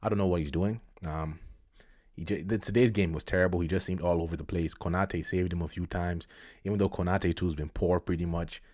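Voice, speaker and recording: Deep-voiced man ranting about football. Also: steady tone, fairly quick, a little mellow, no room sound, clean studio sound. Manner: frustrated, repetitive, exasperated. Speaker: football fan vlogger.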